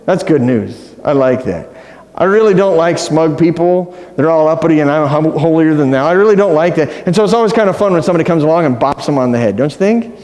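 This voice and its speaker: A pastor preaches in a church sanctuary in a conversational, playful way, using self-deprecating humor and often asking his congregation questions. His voice is fairly high, expressive, fast and darkish. The hall is roomy, with long reverb.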